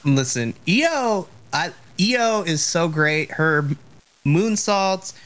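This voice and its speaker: A man co-hosting a wrestling podcast in casual chat, passionate and excitable, tripping over his words when worked up. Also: a little high, drawn-out words. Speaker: podcast co-host.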